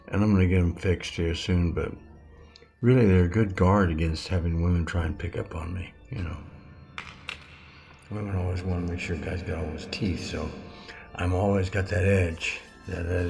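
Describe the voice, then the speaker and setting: Gravelly old man teaching rambling. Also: deep voice, darkish tone. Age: 70s. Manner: halting, rambling, self-correcting. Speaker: self-styled metaphysics teacher. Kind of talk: casual rambling spiritual lesson.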